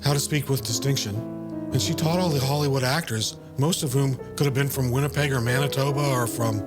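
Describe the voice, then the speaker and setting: Brief: mid-pitched man musing over a video call, rambling and halting as he gives his writer's notes. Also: music in the background. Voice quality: discursive, halting, many fillers. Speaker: writer and director. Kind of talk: video-call creative discussion.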